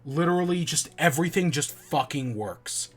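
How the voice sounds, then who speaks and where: A man playing a game on his podcast chats casually while grumbling, swearing and muttering in annoyance. He talks at a moderate pace in a fairly high voice with lively intonation, over faint background music.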